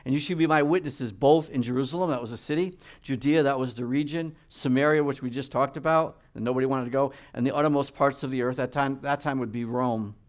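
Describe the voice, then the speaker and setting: A man preaching a sermon, reading scripture and swinging between loud emphatic peaks and quiet, low asides. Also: fast talker, few pauses.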